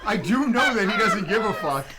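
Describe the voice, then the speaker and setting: A male comedian guest tells a comedic story in a dry, self-deprecating way, his pitch swinging widely as he goes. Loud noise sits behind his voice throughout. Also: very animated, normal speed. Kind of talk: casual comedic chat.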